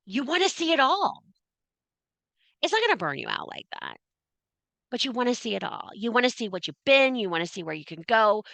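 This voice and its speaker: A woman teaches a spiritual class in a forceful, lowish voice, talking casually and swearing freely. She drives her points home by repeating phrases, and the recording is close and dry. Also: clear, resonant tone, no echo. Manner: casual, blunt and frequently profane; emphatic, repeats phrases for effect.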